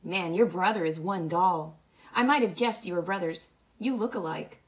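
A woman voicing a pretty, cool-headed teenage girl cheerleader in a read-aloud, with a biting edge that softens. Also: on the low side, moderate pace, lightly acted.

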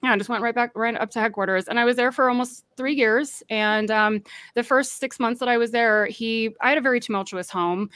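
Earnest woman with a high, dry voice. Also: a little fast, a bit bright, clear, resonant tone, no room sound. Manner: earnest, acts out quoted voices. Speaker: guest. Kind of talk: recounting a personal story on a livestream panel.

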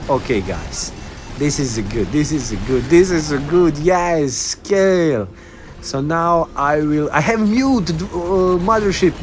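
A man giving excited commentary on his own online game at home, laughing often and talking to his viewers. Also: high-pitched, slight background noise. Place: at home, son in the room.

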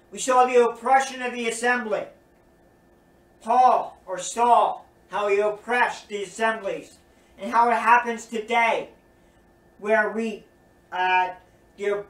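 A man with a high-sitting, fairly bright voice preaches an earnest, emphatic sermon and keeps repeating his points. It's a recorded teaching, heard distantly with a roomy echo.

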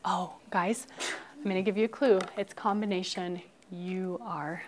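A woman teacher running a phonics lesson in a classroom, brisk and encouraging, calling out words and praising pupils, sometimes dropping to a hushed whisper for one child. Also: lowish voice, steady tone, noisy background.

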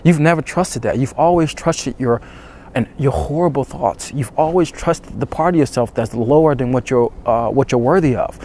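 A man speaks low and intensely as a dating coach, repeating his urgings over and over. He is shivering from the cold, out of doors before dawn, and his voice sits at an ordinary pitch. A faint hum of ambience runs underneath. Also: moderate pace. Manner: hushed, intense, repetitive urging. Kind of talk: motivational talk to camera.

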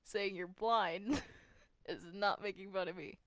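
A woman voicing a mischievous young male cartoon ink demon who teases with a stutter and a deadpan tone. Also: mid-range voice, slow pace, dry recording, clean studio sound, natural voice. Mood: offended. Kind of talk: fan voice roleplay.

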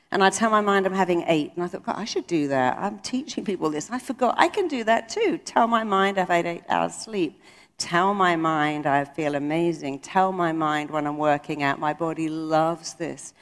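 A middle-aged woman speaks in a motivational talk, her voice sitting fairly low. She drives her points home emphatically and slips into quoted voices. The sound rings with the long reverb of a large hall. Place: conference hall.

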